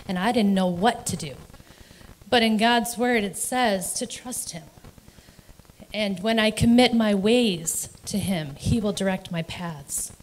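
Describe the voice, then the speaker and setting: A woman's voice: medium pitch, low-quality recording. A middle-aged woman from New Jersey giving an earnest, emotional personal testimony in a church service, with nervous laughs. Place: church sanctuary.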